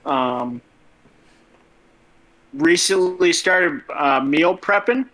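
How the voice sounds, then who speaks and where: A man's voice: on the high side, expressive, very slow, sharp tone, low-quality recording. A man from northern Montana co-hosting a podcast, chatting casually and playfully with lots of fillers. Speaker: podcast co-host. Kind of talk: casual chat.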